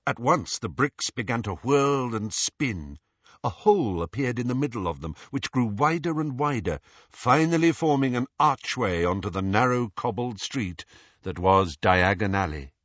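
A man reading a novel aloud as an audiobook narrator, with an expressive delivery. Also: on the low side, no echo, dull audio.

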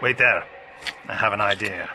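A man's voice: lowish voice, normal speed, sharp tone, a little hiss or hum. A man playing a bold, witty and sardonic eccentric time traveller in an audio story.

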